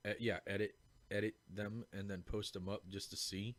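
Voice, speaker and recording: A man's voice: lowish voice, level tone, normal speed, dry recording. A man chatting casually on a podcast, blunt and profane, joking about his lawn care work. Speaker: lawn care worker, show regular. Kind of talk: casual chat.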